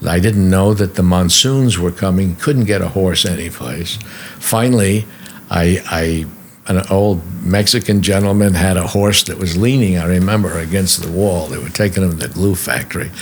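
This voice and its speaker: A low, gravelly older man spins stories as a podcast guest, slipping into the voices of the people he quotes. A faint hiss sits under his voice. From New York. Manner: lively storyteller who acts out the people he quotes. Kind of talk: storytelling anecdotes. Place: podcast studio.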